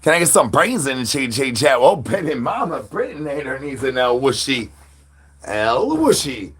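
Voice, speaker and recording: A man's voice: mid-range voice, very animated, normal speed, slightly rough. A man chatting with viewers on a livestream while standing outdoors, playful and full of goofy catchphrases and animal noises.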